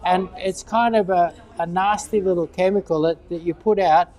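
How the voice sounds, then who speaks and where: A woman talks through gardening advice in an easygoing, rambling way, circling back and repeating herself as she goes. Her voice sits on the low side, with a soft, mellow tone. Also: fairly even intonation, normal speed. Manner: rambling, repeats words while thinking. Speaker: gardening expert. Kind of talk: casual Q&A chat.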